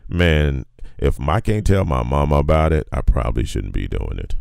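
A man with a very deep bass voice, telling his story in a laid-back, colloquial, motivational way as a guest. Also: expressive, moderate pace, gravelly, a little mellow, no room sound, studio quality.

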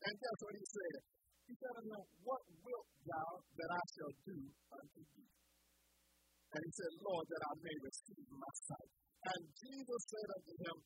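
A woman preacher delivering a sermon, emphatic, pausing to ask the congregation fill-in questions. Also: medium pitch, husky, poor audio.

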